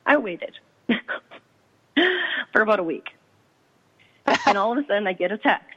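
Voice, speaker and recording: A woman's voice: medium pitch, lively intonation, moderate pace, long pauses, breathy edge. A woman, a psychic medium guest, telling a story and acting out the dialogue with quoted voices. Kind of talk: animated storytelling. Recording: tinny phone line.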